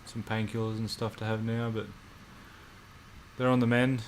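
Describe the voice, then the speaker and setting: An Australian man chatting casually on a livestream, laid-back and quick to swear. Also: lowish voice, little pitch movement, slight background noise. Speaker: livestream co-host.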